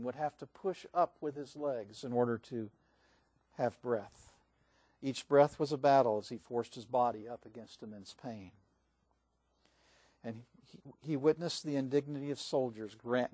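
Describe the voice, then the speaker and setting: A male pastor preaches a sermon and reads scripture aloud, shifting between swelling emphasis and hushed passages. His pitch is fairly high, and there's no echo.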